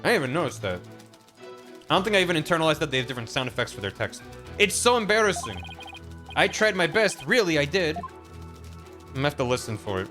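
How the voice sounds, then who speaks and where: A male streamer cracking quick asides as he plays, his voice somewhat high and very lively in pitch. Game music plays clearly under his talk. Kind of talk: casual game commentary.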